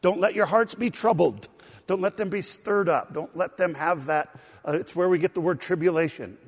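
A man preaching to his congregation in a casual, conversational way, often asking them to answer back. His voice sits a little high for a man. The sound carries a long reverb, as in a church sanctuary. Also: normal speed, husky. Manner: conversational, asks congregation to respond, laughs at own jokes. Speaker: pastor. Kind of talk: sermon.

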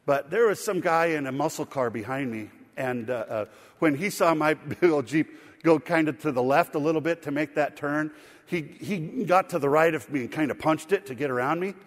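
A man's voice: on the high side, moderate pace. Folksy preacher man in a reverberant church. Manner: folksy, animated storyteller with laughs. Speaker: pastor. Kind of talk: sermon with storytelling. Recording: sanctuary reverb.

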